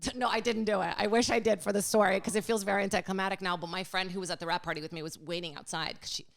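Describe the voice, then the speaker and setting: A fast-talking woman in her thirties tells a candid, rambling story, peppering it with "like". Her voice is dry and close, with no room around it, and her pitch sits in the middle. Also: steady tone, vocal fry, no echo. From Brazil. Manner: chatty, frank, heavy use of "like". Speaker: comedian guest. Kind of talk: casual podcast storytelling.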